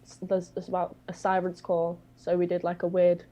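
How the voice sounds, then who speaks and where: Chatty British woman, low voice. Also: completely flat delivery, normal speed, mellow, poor audio. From Britain. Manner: chatty, rambling storytelling with fillers. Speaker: guest singer. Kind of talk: casual chat.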